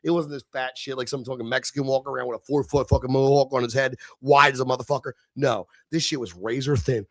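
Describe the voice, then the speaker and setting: A tipsy man hosting a live stream, ranting and swearing, swinging between low mutters and shouted outbursts. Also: fairly even intonation, fast talker, hardly any pauses, no room sound, clean studio sound. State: tipsy from beer. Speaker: livestream host. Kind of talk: profane live-stream rant.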